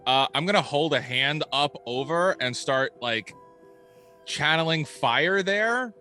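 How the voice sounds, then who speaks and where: A man's voice: fairly high pitch, lively intonation, takes it slowly, pushed and bright, faint music behind. A man playing a tabletop game who is brash and jokey. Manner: brash, joking. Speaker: player. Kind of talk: casual tabletop play.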